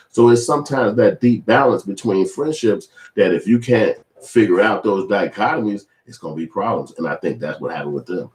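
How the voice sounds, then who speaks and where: A vlogger talks fairly quickly, with few pauses, in a lowish, slightly mellow voice. His commentary on a celebrity feud is casual, profane and rambling, and he acts out others' voices. The sound carries a roomy echo.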